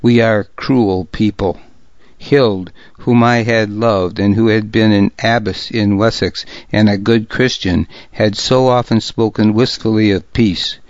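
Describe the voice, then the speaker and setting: A man reads a historical novel aloud in a slow, deliberate first-person narration. His voice sits a little low and sounds dry and close. The recording is slightly dull and muffled. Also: steady tone, dry recording. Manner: measured, deliberate, gravely serious reading. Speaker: audiobook narrator.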